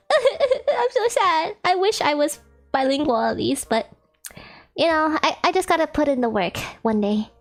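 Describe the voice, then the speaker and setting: A woman's voice: high voice, animated, measured pace, soft background music. A young American woman streaming a visual novel, reading it aloud and chatting with lots of giggles. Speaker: game streamer.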